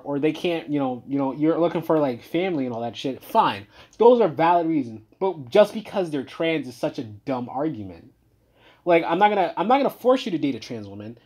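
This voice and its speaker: Husky man ranting heatedly. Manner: heated, swinging between loud outbursts and low muttering. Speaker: commentator. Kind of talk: profane reaction rant.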